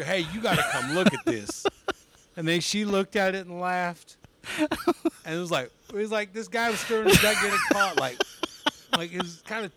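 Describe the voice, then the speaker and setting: A young man with a high-pitched voice, slight background noise behind him, appears as a comedian guest on a podcast. He recounts stories in a casual chat, full of energy and frequent laughter.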